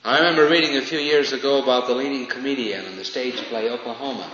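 A man preaching a sermon, swinging from loud emphatic lines to hushed, falling phrases. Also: medium pitch, fast, soft background music. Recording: dull, roomy hall recording with faint hiss.

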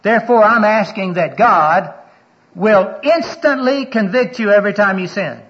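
An older man preaching a sermon, telling personal stories and acting out the dialogue in them, earnestly, often dropping to a hushed voice for the personal moments. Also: high-pitched, unhurried, slight background noise. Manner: storytelling, acts out quoted dialogue with his voice. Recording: dull lo-fi recording.

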